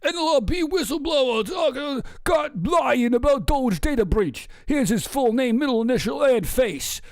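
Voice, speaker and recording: A man putting on a shrill mocking influencer. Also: animated, moderate pace, no room sound, clean studio sound.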